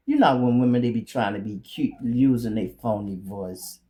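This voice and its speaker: A man's voice: medium pitch, normal speed, few pauses, mellow. A male show host telling a blunt, profane comedic story in a streetwise manner.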